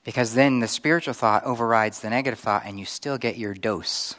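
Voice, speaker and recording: Animated male preacher. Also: mid-range voice, fairly quick. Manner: conversational preaching with animated acted-out asides. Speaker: pastor. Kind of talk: sermon.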